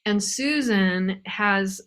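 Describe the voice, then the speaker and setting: Woman host, effusive, gushing praise, middling pitch. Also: drawn-out words, fairly bright tone. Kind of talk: warm introduction of a guest.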